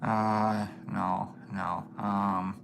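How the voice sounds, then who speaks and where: A man's voice: on the low side, level tone, drawn-out words, creaky, a bit bright, slight background noise. A man hosting a casual livestream, chatting with viewers while he paints, laughing often and thinking aloud with many fillers. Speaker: livestream host.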